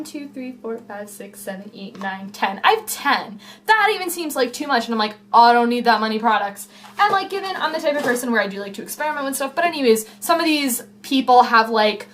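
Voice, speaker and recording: Filming a vlog in her home, a young YouTuber with a slightly high, somewhat bright voice chats to camera in a rambling way. She stuffs her talk with fillers and keeps interrupting herself.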